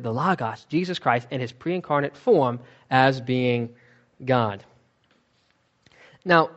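A man's voice: fairly high pitch, highs cut off. A man giving expository Bible teaching in an emphatic, conversational way.

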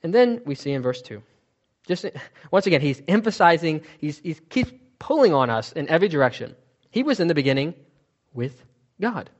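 A man's voice: on the high side, big pitch swings, moderate pace, highs cut off. A man giving expository Bible teaching in an emphatic, conversational way.

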